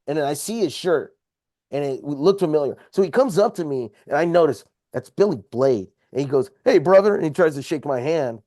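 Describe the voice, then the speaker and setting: A man's voice: on the high side, expressive, fairly quick, dark tone, no room sound, studio quality. A man telling a heated story about a confrontation with lots of swearing, speaking casually as a podcast guest. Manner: profane, heated retelling of a confrontation. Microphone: podcast microphone.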